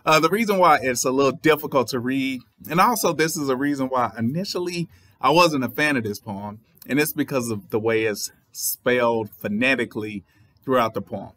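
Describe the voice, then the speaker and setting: A man with a Southern US accent talks through a poem he has just read, in a thoughtful, explanatory way. His voice sits in a middle pitch and sounds close and dry, with no room around it. He sometimes spells words out letter by letter. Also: normal speed, fairly bright tone, no room sound. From Southern United States. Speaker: writer and channel host. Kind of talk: poetry reading with commentary.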